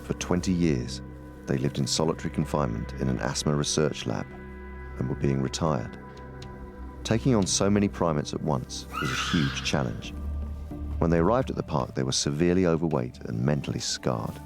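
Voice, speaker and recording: A man with an extremely deep, gravelly voice narrates a documentary in a calm and measured way. Clear music plays behind him. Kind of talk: scripted narration.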